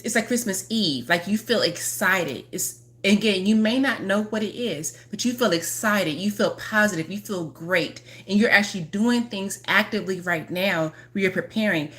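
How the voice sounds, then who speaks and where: A woman's voice: medium pitch, bright, forceful tone. A woman healer giving a chatty, urgent astrology reading to camera, repeating herself for emphasis and acting out what her viewers feel. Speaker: spiritual healer.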